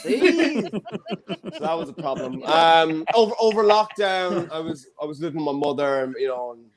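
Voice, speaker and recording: A young Irish man emceeing a stand-up comedy night, chatty and self-mocking with quick asides. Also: on the high side, expressive, crowd noise. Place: comedy venue with a live audience.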